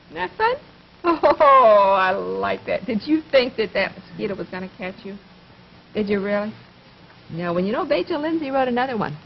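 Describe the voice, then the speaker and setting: Gentle woman coaxing young children. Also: medium pitch, animated, vocal fry, slight background noise. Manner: gentle, coaxing, asks questions and pauses for answers. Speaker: children's television host. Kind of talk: speaking directly to young viewers, reading poems aloud. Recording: dull lo-fi 1950s television recording.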